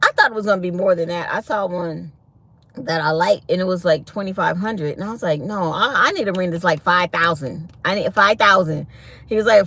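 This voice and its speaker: A woman vlogger telling a personal story in a casual, animated way, laughing often and quoting others. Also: mid-range voice, brisk.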